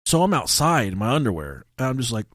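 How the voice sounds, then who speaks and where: A young man co-hosting a podcast, telling stories in a casual, animated way, swearing often and shouting when acting out scenes. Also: mid-range voice, fast, dry recording, clean studio sound. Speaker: podcast co-host.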